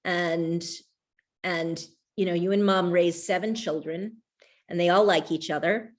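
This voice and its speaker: A woman's voice: fairly low pitch, steady tone, unhurried. A middle-aged woman speaking as an author guest, reflective and rambling, with frequent restarts and trailing thoughts. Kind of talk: conversational talk over a video call.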